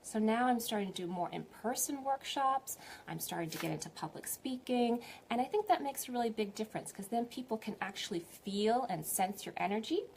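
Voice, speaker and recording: A woman spiritual teacher giving a live online talk, gentle and encouraging, often putting questions to her viewers. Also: a little high, lively intonation, brisk, hardly any pauses, slight background noise.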